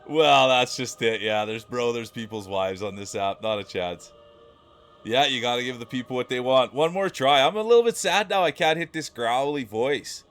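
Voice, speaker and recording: A man's voice: medium pitch, moderate pace, fairly bright tone, faint music behind. A man livestreaming, talking casually and playfully with his chat, laughing often.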